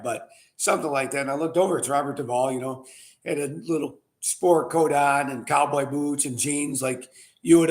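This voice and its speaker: Gravelly, chatty middle-aged man host. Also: a little high, a bit bright. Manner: rambling, chatty, full of fillers and asides. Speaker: winery owner and show host. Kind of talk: casual storytelling and wine tasting.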